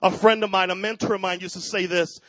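A middle-aged pastor with a high voice preaches a sermon. He moves from quiet personal storytelling to loud, fervent declarations. The sound is dry, with little room around it. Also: steady tone, fast, dry recording, rough recording.

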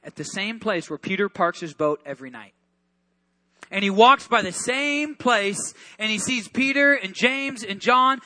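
A man preaching a sermon as pastor, telling the story energetically with quick restarts and acted asides. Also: sits high, expressive, pushed and bright.

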